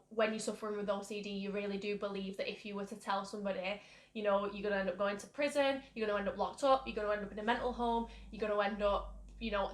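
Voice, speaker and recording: A young woman from the United Kingdom who makes mental health vlogs tells a personal story candidly, rambling and full of fillers. Her voice is mid-range and a bit bright, recorded with roomy echo.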